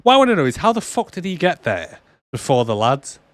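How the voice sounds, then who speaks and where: A man's voice: a little high, very animated, a little fast, no room sound. A young man, co-hosting a casual film podcast, laughing a lot and acting out lines in silly voices. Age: young adult. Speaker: podcast co-host. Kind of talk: casual film review chat. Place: cold room.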